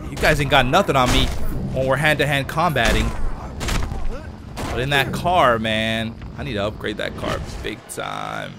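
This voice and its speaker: Male gaming host, let's play commentary, jumpy and excitable, car engines and gunfire clearly heard underneath. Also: medium pitch, moderate pace, noisy background. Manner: excitable, panicky exclamations under fire.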